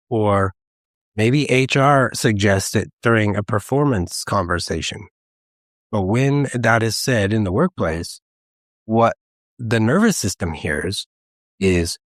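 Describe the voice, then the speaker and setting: Slow, low-voiced male podcast host. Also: no room sound, clean studio sound. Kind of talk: scripted solo podcast talk.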